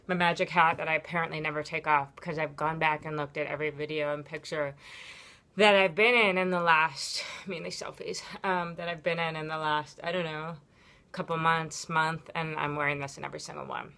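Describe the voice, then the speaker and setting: A woman with a low-pitched voice speaks straight to camera in a casual, unscripted vlog. She teaches yoga and talks frankly, rambling along with plenty of ums and a casual swear here and there. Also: fairly even intonation, a little fast, pushed and bright. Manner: candid, rambling, with frequent ums and profanity.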